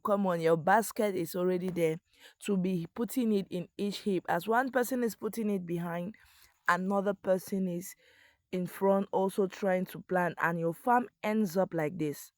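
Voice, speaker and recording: A woman from Africa with a low, darkish voice hosts an agriculture video, explaining how to plant crops in an earnest voice-over. She speaks straight to the viewer, and there's no room sound.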